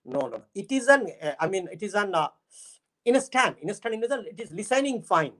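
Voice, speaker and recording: A Bangladeshi man with a fairly high voice talks casually to his audience. His English is halting, and he often stops mid-phrase to hunt for the right word. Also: animated, a bit bright. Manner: halting English, stopping to search for words. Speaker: astrologer and YouTube creator. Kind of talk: casual monologue to camera.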